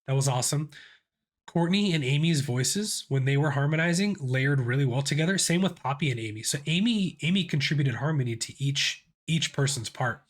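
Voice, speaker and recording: A man's voice: fairly high pitch, expressive, fairly quick. A man in his thirties with a sick voice, hosting a casual music reaction and thinking aloud with many restarts. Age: 30s.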